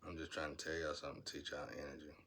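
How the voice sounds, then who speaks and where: Deep gravelly man rambling about spirits. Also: little pitch movement, very fast, bright, forceful tone. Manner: rambling, preachy, drawling. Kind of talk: casual spiritual monologue to viewers.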